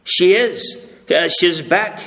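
A man's voice: high-pitched, slow, sharp tone, pitched above the performer's own voice, full character voice. A man acting out chattering village women gossiping about a newcomer, in a chatty, nosy way. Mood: gossipy.

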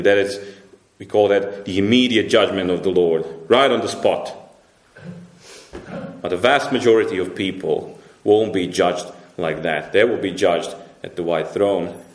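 Low voiced pastor guy preaching, keeps repeating himself for emphasis, big echoey church sound. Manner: emphatic, repeats words and restarts, rises sharply when stressing a point. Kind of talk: sermon. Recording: roomy echo.

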